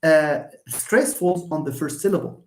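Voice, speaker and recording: A man teaches a live online lesson, stressing and repeating words for emphasis. His voice sits a little high and swings widely in pitch. The sound carries the echo of a room. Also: expressive, a little slow, a little mellow. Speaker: English teacher.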